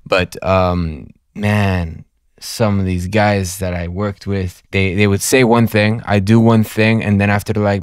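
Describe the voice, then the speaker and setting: Low-voiced man complaining emphatically. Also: steady tone, moderate pace, clear, resonant tone, no room sound, clean studio sound. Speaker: podcast guest, music producer. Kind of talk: casual podcast chat.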